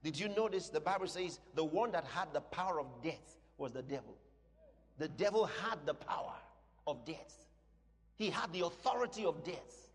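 Impassioned preacher man, booming hall. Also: moderate pace, pauses often. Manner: impassioned, swinging from loud shouts to low asides. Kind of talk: sermon. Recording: long hall reverb.

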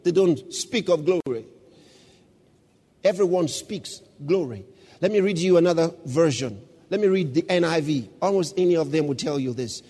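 A man preaching a sermon, moving from calm Bible teaching to loud shouts of praise. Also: fairly high pitch, moderate pace, slightly rough, in a large hall. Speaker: pastor.

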